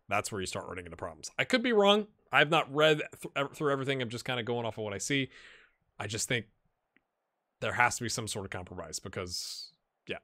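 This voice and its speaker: An American man giving casual, lively commentary on a football management game and reacting loudly to the match. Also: medium pitch, no room sound, studio quality. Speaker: gaming YouTuber.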